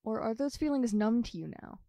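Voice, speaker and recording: A woman's voice: on the high side, fairly quick, no room sound, studio quality, lightly acted. A woman actor playing a wistful, questioning woman's voice of memory in an experimental theater monologue. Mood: probing. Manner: questioning, shifting between soft and pressing. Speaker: stage actor.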